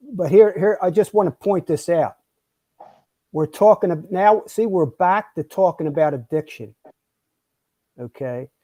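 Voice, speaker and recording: A man's voice: a little high, darkish tone, no echo. A man co-hosting a recovery podcast, speaking emphatically and repeating himself as he makes his points. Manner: emphatic, repetitive, interrupting. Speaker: podcast co-host. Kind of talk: casual recovery discussion.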